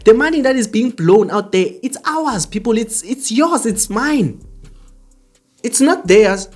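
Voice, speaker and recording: A man's voice: very high-pitched, lively intonation, measured pace, soft background music. A man hosting an opinionated commentary monologue, talking earnestly and repetitively straight to his viewers. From South Africa. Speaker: commentary channel host.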